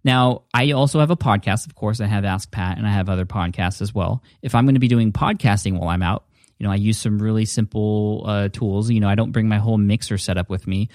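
Male podcast host, low-pitched, chatty and upbeat, dry close studio mic, home setup. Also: brisk, a little mellow, no room sound. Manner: upbeat, conversational, chatty asides. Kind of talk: casual solo podcast talk. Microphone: studio dynamic mic at a desk.

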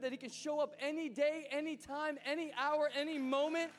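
A male pastor tells the story in a conversational, animated way. His voice sits very high for a man. The sermon rings in a long hall reverb with soft instrumental music underneath. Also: moderate pace, few pauses.

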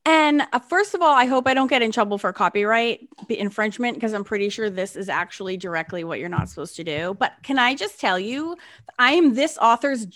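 A woman with an American accent co-hosting a podcast, bubbly and animated in casual chat. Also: on the high side, fairly quick. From United States. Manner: bubbly, animated, laughs and restarts sentences. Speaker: podcast co-host.

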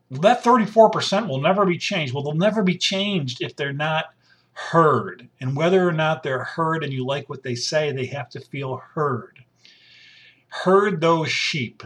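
A man's voice: on the high side, a bit bright. Blunt rambling man talking politics. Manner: blunt, rambling, repeats himself. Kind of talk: casual solo commentary.

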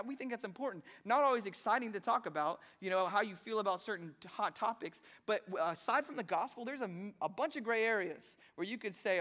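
A high-pitched male pastor preaches in an animated, conversational way and slips into sarcastic asides. His voice rings out with a long reverb, as if it fills a big church sanctuary. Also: quick pace, hardly any pauses. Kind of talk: sermon. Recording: long reverb of a large hall.

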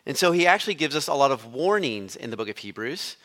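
Bright-voiced male preacher. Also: mid-range voice, very animated, fast talker. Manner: conversational storytelling. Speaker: guest preacher. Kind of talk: sermon.

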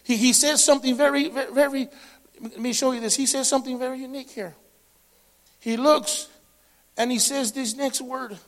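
A man preaching a sermon in church, calling out to the congregation and swinging between loud and hushed delivery. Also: very high-pitched, fairly even intonation, moderate pace, pauses often. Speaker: pastor.

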